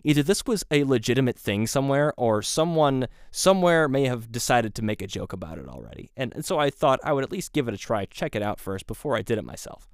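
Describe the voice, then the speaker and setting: A man's voice: mid-range voice, big pitch swings, fast talker, few pauses, no room sound, clean studio sound. A man hosting a solo podcast, rambling casually with sarcastic, self-deprecating asides. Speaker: podcast host.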